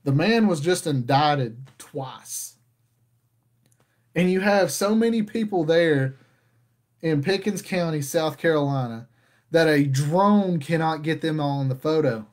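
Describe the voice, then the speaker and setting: A man's voice: a little high, animated, a little slow. A man hosting a casual rant, talking in an exasperated, conversational way. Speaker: podcast host.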